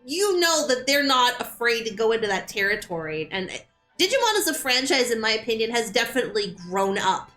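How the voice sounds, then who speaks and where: A woman's voice: on the high side, sing-song, fairly quick, bright, forceful tone. A woman streamer chatting casually and animatedly while playing a game, often repeating words as she starts a thought. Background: game music.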